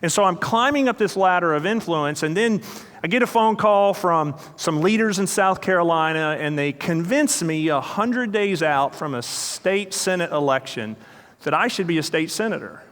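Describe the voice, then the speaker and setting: A man's voice: high voice, lively intonation, moderate pace, a bit bright. A man with a slightly raised voice gives a motivational talk, telling a story and acting out the other people in it. He turns to the audience with direct questions. His voice rings out with the long reverb of a large hall. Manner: storytelling, acting out quoted dialogue. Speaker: speaker.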